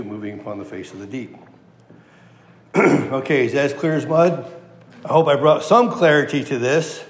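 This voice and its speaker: A man preaching an expository sermon, slow and emphatic, repeating key phrases and asking his listeners questions. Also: mid-range voice. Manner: asks the audience rhetorical questions. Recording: roomy hall with long echo.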